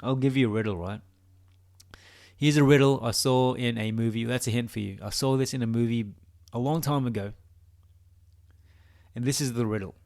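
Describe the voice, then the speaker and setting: A man's voice: medium pitch, moderate pace, creaky, long pauses, darkish tone. A man with an Australian accent, a gaming video creator giving a rambling, mock-philosophical monologue that teases the viewer.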